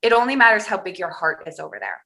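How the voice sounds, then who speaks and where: Bright-voiced woman telling a candid story. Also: fairly low pitch, fast talker, gravelly. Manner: candid, animated storyteller who laughs through hard memories. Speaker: podcast guest. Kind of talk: podcast interview storytelling.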